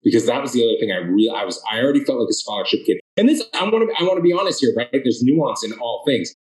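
A man from the Boston area answers an interviewer in an earnest, animated way, often restarting his sentences. His voice sits at an ordinary middle pitch. The recording has a noticeably roomy echo around him. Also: racing. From Boston area, Massachusetts. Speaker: author guest.

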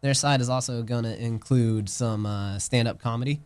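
A man in a band, answering interview questions with deadpan jokes. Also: mid-range voice, moderate pace, smooth. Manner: joking, deadpan asides. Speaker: band member. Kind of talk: casual interview.

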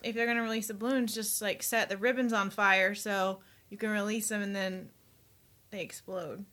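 A woman's voice: mid-range voice, steady tone, normal speed, sharp tone. A woman co-hosting a casual political talk show, wry and skeptical, with frequent "I mean" and "like".

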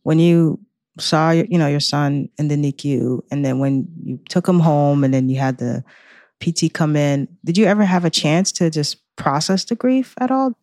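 A woman host who narrates scripted passages and asks her guest calm, measured questions. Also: low voice, dry recording, studio quality. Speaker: interview host.

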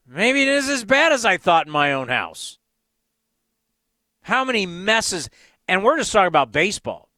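A man's voice: sits high, pushed and bright, no room sound, studio quality. A man hosting a sports call-in radio show, talking in a rambling, exasperated way full of rhetorical questions. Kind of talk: sports talk radio monologue.

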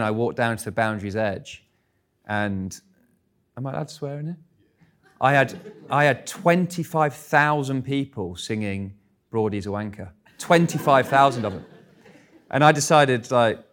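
An English man in his thirties, a guest at a live event, telling stories in a chatty, self-deprecating way and laughing at himself. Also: medium pitch. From England. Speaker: guest speaker. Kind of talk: live stage interview, storytelling.

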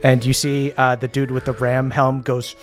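A man's voice: mid-range voice, level tone, moderate pace, soft background music. A man narrating a tabletop game as game master in a casual way, full of fillers.

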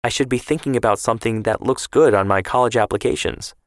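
A man's voice: medium pitch, fast talker, no echo, clean studio sound, pitched above the performer's own voice, natural voice. A man reading the part of a polite, eager-to-please teenage girl who answers hesitantly. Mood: earnest.

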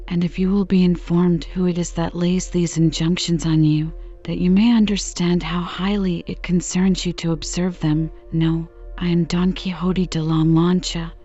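A woman voicing an indignant old male knight who speaks in grand, archaic phrases, in a soft bedtime reading. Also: on the low side, dull audio, close to an everyday voice.

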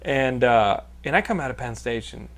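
A man in his thirties from Texas hosting a podcast, telling stories in a loose, animated way, swearing freely and laughing often. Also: medium pitch, moderate pace. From Austin, Texas. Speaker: podcast host. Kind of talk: casual profane storytelling chat.

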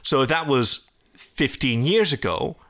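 A man co-hosting a podcast in casual chat, animated and jokey, rambling from one tangent to the next. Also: medium pitch, slow pace. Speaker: podcast co-host.

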